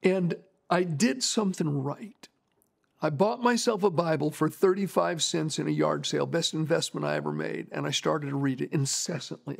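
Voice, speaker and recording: A man's voice: fairly high pitch, animated, moderate pace, vocal fry. A male pastor preaching a storytelling sermon, repeating phrases for emphasis.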